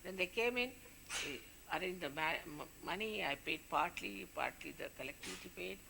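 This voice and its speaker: A woman's voice: fairly low pitch, normal speed, gravelly, bright, forceful tone, a little hiss or hum. A woman, a spiritual leader, giving an informal talk to her followers, warning and scolding them in a conversational way.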